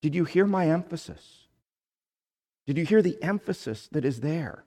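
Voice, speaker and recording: A man preaching a sermon, deliberate and measured, rising in force when he reads scripture aloud. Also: a little high, warm tone. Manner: slow, deliberate preaching with emphatic rises when reading scripture. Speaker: pastor.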